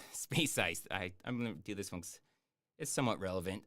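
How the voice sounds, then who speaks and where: A man chatting casually on a live stream, answering viewer questions in a rambling, jokey way with lots of fillers and deadpan boasts. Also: deep voice, moderate pace, pauses often. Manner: hesitant with many fillers. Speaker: YouTube streamer answering chat.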